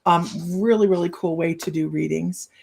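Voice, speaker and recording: A woman's voice: on the low side, normal speed, gravelly, very noisy. Giggly woman hosting a live stream. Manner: giggly, chatty, laughs often between remarks; playful, teasing delivery of cheeky card lines. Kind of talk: casual live-stream chat.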